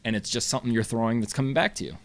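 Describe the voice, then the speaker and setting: A man's voice: medium pitch, racing, dry recording. A man in his thirties or forties, co-hosting a casual game stream, opinionated and blunt with casual swearing. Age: 30s to 40s, parent of a school-age daughter. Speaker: show co-host. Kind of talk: casual live-stream chat.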